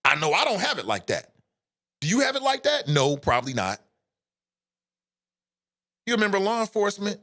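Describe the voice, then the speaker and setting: A man's voice: high voice, big pitch swings, normal speed, pauses often, sharp tone. A man hosting a live show at home, giving blunt, impassioned and profane opinion commentary.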